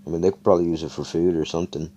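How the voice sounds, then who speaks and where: A man's voice: low-pitched, steady tone, rapid-fire, warm tone. A man doing a hesitant young squad mate. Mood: unsure. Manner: hesitant, full of ums.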